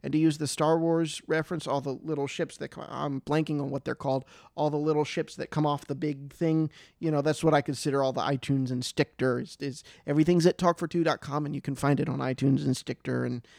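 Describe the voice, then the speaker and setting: A man hosting an interview podcast, thanking his guest and signing off in a relaxed, talkative way that sometimes loses its thread. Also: a little high, fairly quick, creaky, few pauses, dry recording, studio quality. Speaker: podcast host. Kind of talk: casual interview and sign-off.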